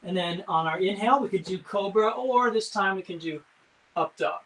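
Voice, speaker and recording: A man teaching an online yoga class, calmly cueing each breath and pose, with some fillers. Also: sits high, normal speed. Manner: calm breath-cued instructions, some fillers.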